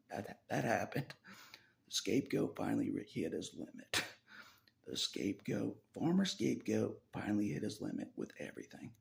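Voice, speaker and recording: A man in a rambling personal monologue, profane and repetitive, often dropping into a gravelly half-whisper and laughing between lines. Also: on the low side, animated, normal speed.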